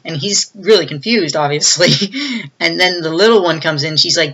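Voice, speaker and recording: Bright-voiced casual movie recap. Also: mid-range voice, normal speed. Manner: retells scenes, acting out quoted lines in a raised voice; loose and rambling, with many fillers. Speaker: movie reviewer.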